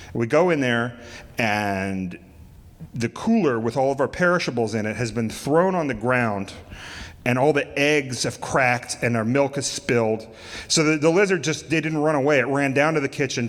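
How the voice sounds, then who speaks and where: A man's voice: mid-range voice, fairly bright tone. Man telling a story in an echoing hall. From United States. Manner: casual, self-mocking, laughs through lines, swears. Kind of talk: live storytelling. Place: cultural center stage, live audience. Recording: live hall with long reverb.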